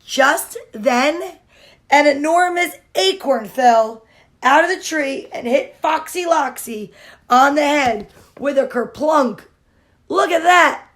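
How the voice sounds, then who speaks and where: A woman's voice: high voice, expressive, takes it slowly, a bit bright. A woman comedian reading a children's storybook aloud with gushing, playful asides.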